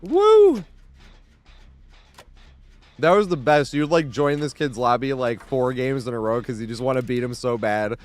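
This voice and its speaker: Male streamer, 30s, casual and rambling, quick to laugh, swears freely, home desk mic. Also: medium pitch, steady tone. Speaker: live game streamer. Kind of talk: casual live-stream chat.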